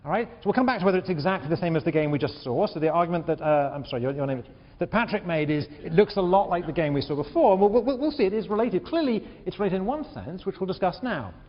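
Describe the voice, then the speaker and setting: A man lecturing a large university class, animated, often repeating words and putting questions to the students. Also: sits high, fast, hardly any pauses. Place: large lecture hall with balcony. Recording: echoey hall, dull lo-fi sound.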